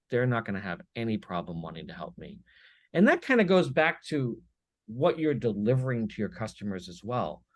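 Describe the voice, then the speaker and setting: A man's voice: mid-range voice, no echo. Emphatic man telling business stories. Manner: energetic, emphatic storytelling with repeated "right?" tags. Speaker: podcast guest, business speaker. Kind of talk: podcast interview.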